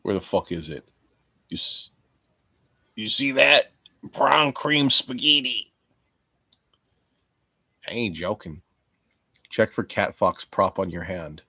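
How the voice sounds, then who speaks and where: A man hosting a rambling solo podcast, swearing and joking as he thinks aloud. His pitch swings widely, from bursts to mutters, and the sound is close and dry with no room around it. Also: lively intonation, a little slow, pauses often, sharp tone, breathy edge, dry recording. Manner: profane, rambling, jokey. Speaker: podcast host. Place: home.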